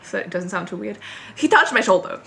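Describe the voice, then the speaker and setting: Young woman vlogger, crisp bright tone, chatty and rambling, talks to camera from home. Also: mid-range voice, brisk. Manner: rambling, filler-heavy, animated retelling. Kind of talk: casual storytime chat to camera. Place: at home, moving between rooms.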